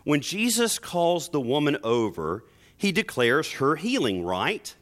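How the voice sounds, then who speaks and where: A man preaching a sermon, moving between soft explanation and emphatic stresses. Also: on the high side, big pitch swings, measured pace. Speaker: pastor.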